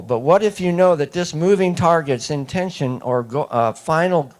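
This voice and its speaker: A man giving a public lecture, emphatic and repeating key points, often putting questions to the audience. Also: mid-range voice. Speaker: speaker addressing an audience.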